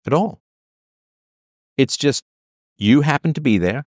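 Male advice host, blunt and profane, mid-pitched, dry booth sound. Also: lively intonation, measured pace, dry recording. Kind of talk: heated advice monologue.

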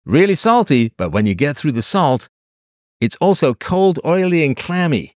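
A man's voice: a little high, very animated, moderate pace, a little mellow, dry recording, studio quality. A man from England telling a rambling comic story, sardonic and full of exaggeration.

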